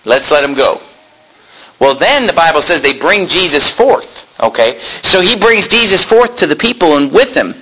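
A man's voice: high-pitched, normal speed, few pauses, breathy edge, poor audio. A man preaching a sermon, reading scripture aloud and acting out the speakers with passion. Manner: animated, impassioned, reads scripture aloud and acts out speakers.

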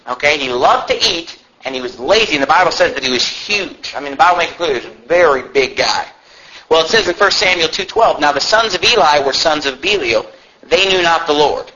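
Lively high-voiced male preacher, lo-fi. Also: slight background noise. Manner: animated preaching with mocking shouted impressions. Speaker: pastor. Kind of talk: sermon.

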